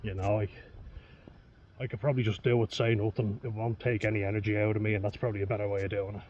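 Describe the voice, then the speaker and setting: A fairly low-voiced man talks casually to his camera as he walks outdoors, swearing and laughing at himself along the way. The sound is dull and lo-fi, with clear wind noise rushing behind him. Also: flat delivery, darkish tone. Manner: chatty, swears and laughs often, self-mocking. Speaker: vlogger. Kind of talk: casual chat to camera on a walk. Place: outdoors on a country walk.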